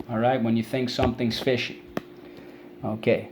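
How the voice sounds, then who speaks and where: Man teaching spelling, slow drilling. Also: medium pitch, a little mellow, a little hiss or hum. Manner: drills words slowly, syllable by syllable, and prompts listeners to repeat. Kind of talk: spelling and vocabulary lesson for children.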